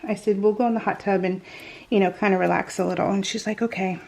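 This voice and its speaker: A woman's voice: mid-range voice, fairly even intonation, fast talker, gravelly, a little mellow. A middle-aged woman telling a family story over a crafting video, chatty and laughing often, with many restarts. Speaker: scrapbooking vlogger.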